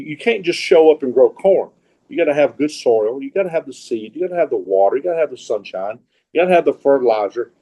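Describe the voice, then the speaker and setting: Folksy Southern man, mellow voice. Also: mid-range voice. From Mississippi. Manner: folksy, rambling, repeats words and restarts. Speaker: guest speaker, real estate investor. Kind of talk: informal webinar presentation.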